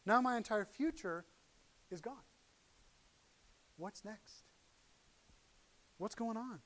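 Speaking slowly and pausing often, a middle-aged pastor preaches in a fairly high voice. His sermon storytelling is energetic as he acts out each character, veering from loud, excited outbursts to quiet asides.

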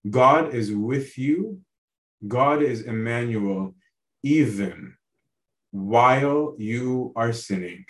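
In a sermon on a Bible passage, a male priest talks very slowly in a medium-pitched voice. He's earnest and conversational, often putting direct questions to his listeners and checking in with "right?". The recording has a roomy echo.

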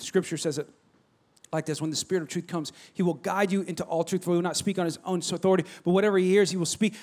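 Preaching with great animation, this pastor has a high-sitting voice. His sermon moves from booming calls down to hushed near-whispers, and he keeps urging the congregation to join in.

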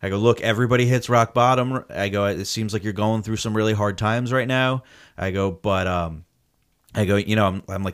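A man's voice: lowish voice, fairly quick. A man telling a story in casual chat, acting out the quotes and swearing freely. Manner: animated storytelling with acted-out quotes.

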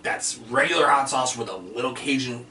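A man hosting a food podcast and tallying scores, talking in relaxed, joking banter. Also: mid-range voice, brisk. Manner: laid-back, joking banter. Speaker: podcast host keeping the scores. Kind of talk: casual chat. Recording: echoey room, distant mic, faint noise.

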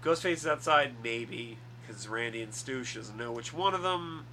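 A man casually retelling a horror film's scenes with lots of swearing, excited and fast. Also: medium pitch, a little hiss or hum. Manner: profane, animated retelling of scenes. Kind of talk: casual movie discussion.

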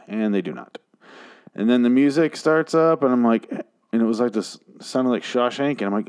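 A man's voice: mid-range voice, fairly quick, darkish tone, smooth. A man giving a casual, sarcastic and profane recap of a TV episode, rambling with frequent restarts. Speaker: show host recapping a TV episode.

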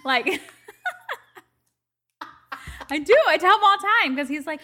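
A woman co-hosting a podcast in casual chat, animated and swearing freely. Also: high voice, unhurried. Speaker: podcast co-host.

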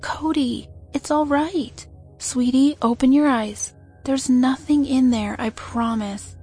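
Man putting on a calm mom voice, high and breathy, really slow. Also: faint music behind, heavily acted. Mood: soothing. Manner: soothing, slow. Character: gentle calming mother.

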